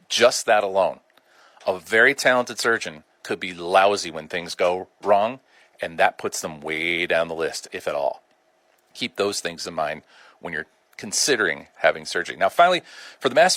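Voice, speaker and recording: A man's voice: low voice, fairly bright tone, no echo. A middle-aged man, a doctor hosting a radio health show, talking informally in a folksy, chatty way with colloquial asides.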